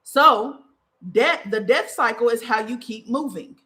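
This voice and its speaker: Fiery, bright-voiced woman host. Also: fairly high pitch, unhurried. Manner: fiery, profane and preachy, with repeated emphatic phrases. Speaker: podcast host. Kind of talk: spiritual monologue.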